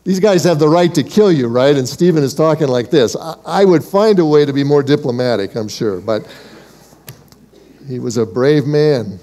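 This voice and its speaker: A man preaching a church sermon, asking rhetorical questions and calling his listeners beloved, moving from emphatic lines to hushed ones. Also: a little high, moderate pace. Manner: dynamic delivery, shifting from emphatic to hushed. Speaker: pastor.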